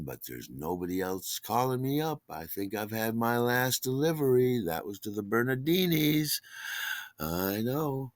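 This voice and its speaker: Low-voiced man telling a rambling story. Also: dry recording. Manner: rambling, animated, acts out others' shouts. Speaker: podcast storyteller. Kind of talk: casual spoken memoir.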